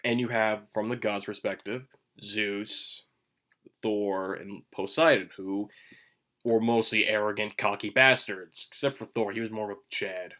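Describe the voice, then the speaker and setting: A man's voice: steady tone, measured pace, pushed and bright. A man talks through a casual solo commentary video while chewing gum. He rambles from point to point and now and then jumps into an emphatic burst. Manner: emphatic bursts with sudden rises in pitch. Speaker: manga commentary video host.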